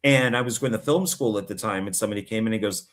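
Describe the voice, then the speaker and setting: A man's voice: fairly low pitch, fast talker. A middle-aged man co-hosting a casual live stream, rambling through stories and acting out quotes. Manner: rambling storyteller, animated, acts out quotes. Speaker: co-host.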